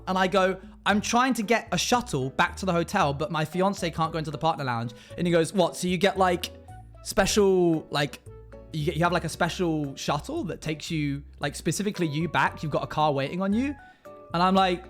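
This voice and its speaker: A man with a fairly high voice tells a story to his live stream audience in a loose, casual way. He acts out the people he quotes as he goes. Soft music plays faintly behind him. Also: animated, normal speed.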